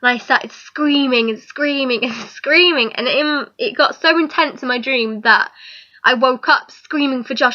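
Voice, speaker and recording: A young woman vlogging in a chatty, rambling way, often breaking into giggles. Her voice sits high and sounds bright and forward. The recording is dull and lo-fi. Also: unhurried. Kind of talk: casual chat.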